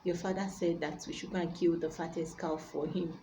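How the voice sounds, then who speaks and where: A woman's voice: fairly low pitch, little pitch movement, a little fast, background noise, close to an everyday voice. A woman doing a deferential male servant.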